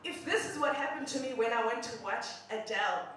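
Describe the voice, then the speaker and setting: Animated woman in echoey room. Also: a little high, a little fast, slight background noise. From South Africa. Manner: animated, self-mocking, laughs while talking. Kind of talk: comic personal storytelling. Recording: very echoey room, mic far off.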